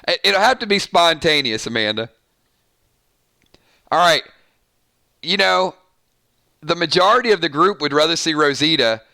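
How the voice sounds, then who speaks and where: Excitable male stream host, slightly high voice, dry close sound, chats straight to viewers. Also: measured pace, creaky, long pauses, no room sound. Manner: excitable, laughs often, talks to viewers directly. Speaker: host of a TV review channel. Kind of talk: live-stream chat reading viewer comments.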